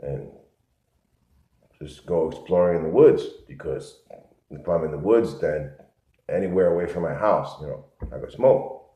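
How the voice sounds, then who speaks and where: A man from Connecticut telling a rambling, repetitive story in a low-key monologue. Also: unhurried, pauses often. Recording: echoey, muffled lo-fi room sound.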